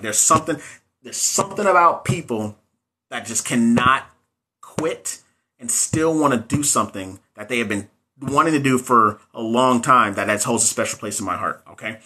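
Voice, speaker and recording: Man, bright tone, middle pitch, casual live-stream coaching, motivational, chats with viewers. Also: husky. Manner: motivational, talks straight to viewers, reads out comments.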